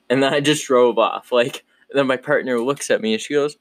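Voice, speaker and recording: A man's voice: medium pitch, moderate pace, no room sound. A young man in his twenties hosting his own podcast in a casual, rambling, upbeat way, often restarting his sentences. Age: 20s. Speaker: podcast host. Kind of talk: casual solo podcast chat.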